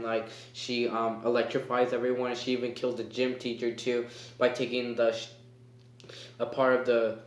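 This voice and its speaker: A man giving a casual spoken movie review. He rambles and hesitates, with lots of fillers. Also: mid-range voice. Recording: echoey room.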